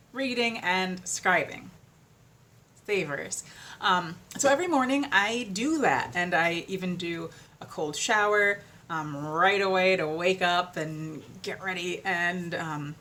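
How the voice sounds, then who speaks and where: A woman with a slightly low voice talks casually to her viewers, rambling and trailing off with plenty of fillers. She sounds tired and self-deprecating. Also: fairly bright tone, slight background noise. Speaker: vlogger. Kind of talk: casual chat to camera.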